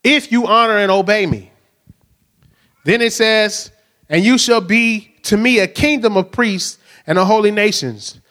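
A middle-aged pastor preaches a sermon in a conversational manner, frequently checking in with his congregation by asking them "right?" His voice is high, a little slow, and slightly bright.

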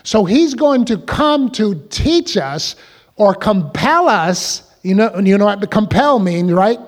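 A man's voice: sits high, big pitch swings, slow pace, big-room sound. A man preaching a sermon as pastor, drawing the congregation in with call-and-response questions.

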